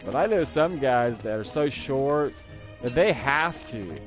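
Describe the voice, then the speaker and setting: A man's voice: medium pitch, expressive, a little slow. Rambling male live streamer. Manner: rambling, digressive, talks back to viewers. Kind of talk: casual rambling chat. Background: music.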